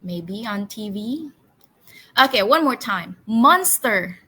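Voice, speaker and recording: A woman English teacher leading a storytelling lesson for children, coaxing them with cheerful questions and slow call-and-response word drills. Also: medium pitch, animated, pushed and bright, slightly rough, rough recording.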